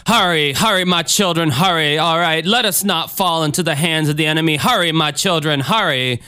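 A man voicing a middle-aged cult leader who pleads and stammers in drawn-out phrases. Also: fairly high pitch, pushed and bright, clean tone, dry recording. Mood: urgent.

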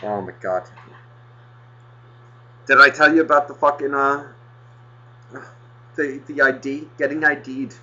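A man rants through a long story with a bright, forceful voice, swearing every few words. He rambles and restarts as he talks to his co-host. The audio is muffled and lo-fi. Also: mid-range voice, measured pace, long pauses. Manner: animated, swears constantly, rambling. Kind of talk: casual profane storytelling.

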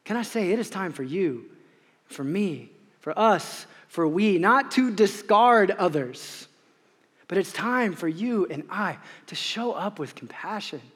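A high-pitched man in his forties delivers a passionate sermon, driving home his points with urgent, repeated questions. His voice rings out with a long reverb through a church sanctuary. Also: expressive, a little slow, a bit bright, husky. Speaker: pastor.

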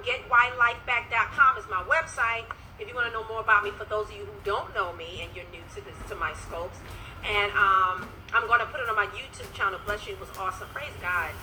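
A woman life coach chatting to viewers on a phone livestream, telling a story with lively energy and dropping in praise to God. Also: mid-range voice, slight background noise, rough recording. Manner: animated storytelling with religious interjections. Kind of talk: casual livestream talk to viewers.

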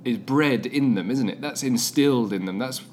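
A man's voice: mid-range voice, normal speed, a little hiss or hum. A man from England co-hosting a podcast in casual chat, joking and trailing off mid-sentence. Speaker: podcast co-host.

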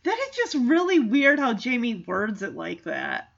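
Chatty bright-voiced woman recapping a movie. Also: a little high, wildly swooping pitch, a little slow, creaky, dull audio. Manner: chatty, reactive, heavy use of "like". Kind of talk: casual movie recap commentary.

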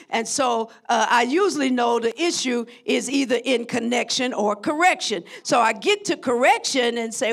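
A woman preaching a sermon who swings from hushed, drawn-out lines to shouted crescendos and calls out to her congregation. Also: fairly high pitch, vocal fry. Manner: call-and-response with the congregation.

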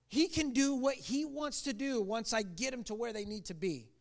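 Male missionary preacher, high voice, impassioned testimony sermon. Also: animated, normal speed, gravelly, few pauses. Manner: impassioned, earnest, swings from loud declarations to quiet asides.

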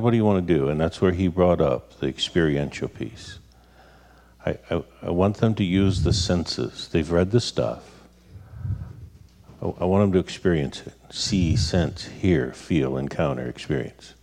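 Deep gravelly pastor man. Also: a little mellow. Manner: earnest, repeats words as he gathers thoughts. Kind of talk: sermon.

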